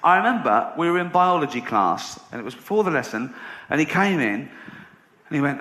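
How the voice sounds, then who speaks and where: A man's voice: a little high, very animated, normal speed, a bit bright. A middle-aged man from England, doing brash, profane stand-up storytelling. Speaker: comedian. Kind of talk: stand-up comedy. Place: live comedy venue. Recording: echoey live venue with room noise.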